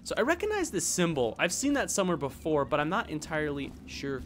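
A man's voice: on the high side, huge pitch swings, fast, a little hiss or hum. A man casually commenting on his gameplay, chatty and joking, often laughing. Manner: chatty, laughing, playful jokes. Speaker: let's play host.

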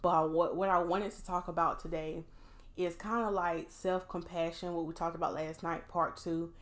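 A woman's voice: fairly low pitch, steady tone, moderate pace. A woman vlogging candidly and encouragingly, speaking straight to her viewers while emotionally drained after a hard day. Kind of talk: casual heartfelt vlog talk.

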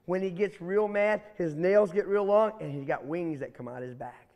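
A man telling a folk tale aloud in an animated, folksy way, talking straight to his listeners. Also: high voice, moderate pace, dull audio. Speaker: storyteller. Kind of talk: oral folk storytelling. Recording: long hall reverb.

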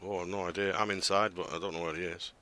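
A man's voice: sits low, steady tone, fast talker, sharp tone, slight background noise. A man streaming a battle royale game, chatting casually with teammates and swearing often. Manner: laid-back, swears often. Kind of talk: casual gaming chat.

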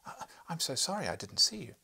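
A man putting on a small, shrill, furious wife. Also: sing-song, a little fast, creaky, pushed and bright, slightly rough, exaggerated voice. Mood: flustered. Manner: shrill, scolding.

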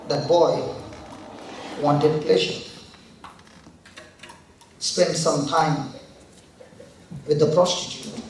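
A man preaches with slow, weighty pauses, his voice a little high for a man. He sounds far from the mic in a big, echoing hall, with faint room noise behind him. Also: steady tone. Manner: slow, dramatic delivery with long pauses. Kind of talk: sermon with acted quotes.

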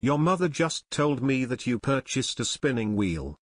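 A tall, peppery older aunt , read by a man narrating a storybook, fires off brisk, sharp questions. The voice sits in a middling register, heard close and dry with no room around it. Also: medium pitch, big pitch swings, dry recording. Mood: stern. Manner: brisk, sharp cross-examining.

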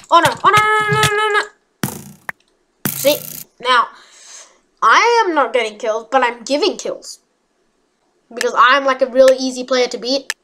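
A woman giving chatty, rambling gameplay commentary with excitable outbursts, recorded at home with mouse clicks heard. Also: high-pitched, background noise. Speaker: gaming YouTuber.

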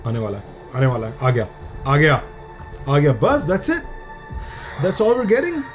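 Fast, hyped man reacting. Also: a little high, wildly swooping pitch. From Pakistan. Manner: hyped, exclamatory, repeats himself with "bro". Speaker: reaction video host. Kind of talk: excited trailer reaction, mixing Urdu and English. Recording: trailer music loud behind.

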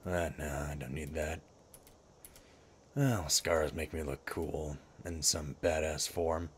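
A man playing a gruff, wry male lizard-folk adventurer while he talks over a video game, with dry sarcastic asides. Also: a bass voice, takes it slowly, a little hiss or hum. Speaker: streamer. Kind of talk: in-character game commentary.

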